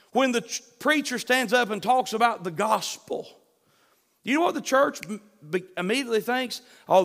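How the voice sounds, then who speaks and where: A man preaches a sermon, his voice pitched very high with a rough, gravelly edge. He swings from hushed, slow lines to shouted repetitions. Long reverb from the church hall trails behind every phrase. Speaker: pastor.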